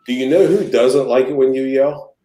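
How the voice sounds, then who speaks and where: A man's voice: medium pitch, normal speed. A male host laughing and telling stories in casual banter on a live betting stream. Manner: laughing, animated storyteller. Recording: echoey room.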